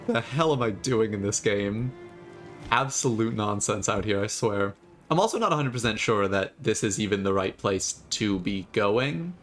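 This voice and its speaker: A man streaming himself playing a video game, talking casually with rambling, sarcastic asides and animated bursts. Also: on the low side, normal speed, faint music behind. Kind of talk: casual gameplay commentary.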